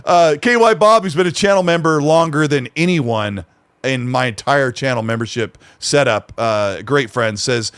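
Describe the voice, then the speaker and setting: A man's voice: medium pitch, normal speed, fairly bright tone, smooth, no room sound. A man hosting a casual live-stream podcast, reading viewer messages aloud in an easygoing, slightly nasal voice. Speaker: podcast host.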